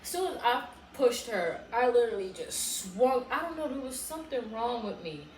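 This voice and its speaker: A woman tells a story to her vlog camera in a casual, lively way, often jumping into shrill, loud re-enactments. Her voice sits a little high. It's recorded in an echoey room with faint background noise. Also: normal speed. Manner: animated, swings into loud high-pitched re-enactments of her past self. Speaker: vlogger telling a storytime.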